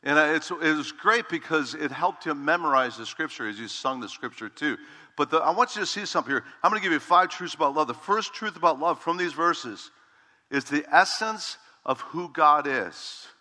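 A middle-aged man preaching a sermon as a pastor, emphatic, slowing down and stretching key words for weight. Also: on the high side, expressive, bright, forceful tone, in a large hall.

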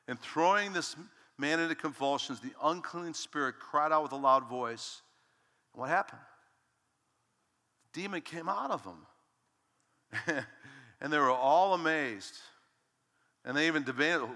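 A male pastor preaching a lively, emphatic sermon to his congregation and calling out "Amen?" as he goes. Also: on the high side, measured pace, pauses often, big-room sound. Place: church sanctuary.

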